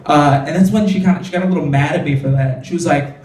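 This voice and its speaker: A young man tells stand-up jokes in a loose, chatty way, dropping in lots of "like" before each punchline. His voice sits a bit high. It echoes around the club and sounds a little distant from the mic. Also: fast, darkish tone. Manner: conversational, frequent "like" fillers, punchy punchlines. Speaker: stand-up comedian. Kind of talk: stand-up comedy set. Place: comedy club stage.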